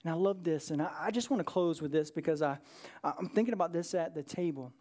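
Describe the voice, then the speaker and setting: A man's voice: on the high side, fast, darkish tone. Conversational male pastor preaching a sermon. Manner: conversational, with frequent "right?" asides.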